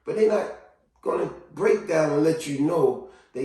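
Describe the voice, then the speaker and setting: A man giving a casual motivational talk to camera, animated, acting out cheerful greetings and quiet sad confessions. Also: moderate pace, gravelly, far from the mic. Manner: animated, acts out greetings in a higher voice and sad confessions in a low murmur. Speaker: vlogger. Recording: very echoey room, voice from off mic.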